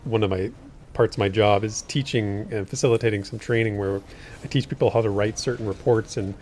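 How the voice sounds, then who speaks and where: A man's voice: lowish voice, steady tone, fairly quick, darkish tone, a little hiss or hum. Laughing Canadian man telling stories. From born in the US, raised in Canada. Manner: chatty storyteller, laughs easily. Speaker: group player. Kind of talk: casual chat while gaming.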